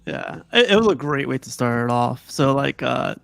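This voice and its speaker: A man's voice: medium pitch, sing-song, moderate pace, vocal fry, dry recording, faint music behind. A man hosting a casual movie review chat, talking loosely with lots of fillers. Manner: loose, filler-heavy talk. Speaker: podcast host.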